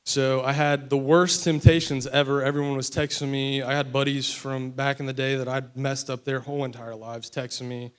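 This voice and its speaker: A man's voice: mid-range voice, fairly even intonation, fairly quick, hardly any pauses, clean tone. A young man from West Virginia telling his personal recovery testimony in a candid, rambling way full of fillers. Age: young adult. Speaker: testimony speaker.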